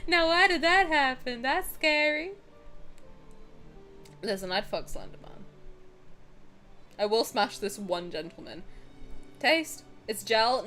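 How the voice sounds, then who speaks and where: A young woman streamer chatting casually with her viewers on a headset, cheeky and animated, swearing and laughing freely. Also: a little high, measured pace, pauses often, faint music behind. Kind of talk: casual live-stream chat. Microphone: headset with headphones.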